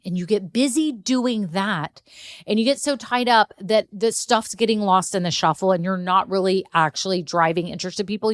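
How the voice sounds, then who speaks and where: A woman's voice: mid-range voice, fairly bright tone, no echo. Brief: middle-aged woman podcast host, direct and encouraging business-coach delivery, close and dry mic. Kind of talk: solo coaching podcast talk.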